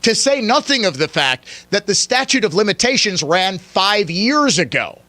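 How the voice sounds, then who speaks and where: A man's voice: high-pitched, sing-song, normal speed, sharp tone, no room sound. A man hosting a radio talk show, delivering a heated, combative political monologue. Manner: fiery, combative, challenging the listener.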